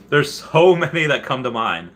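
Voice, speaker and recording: Bright-voiced man hosting a chatty livestream. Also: sing-song, measured pace, slight background noise. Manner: rambling and chatty with frequent laughs and restarts; bursts into high, loud put-on voices when quoting. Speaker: livestream host. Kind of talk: casual livestream chat, reading viewer comments.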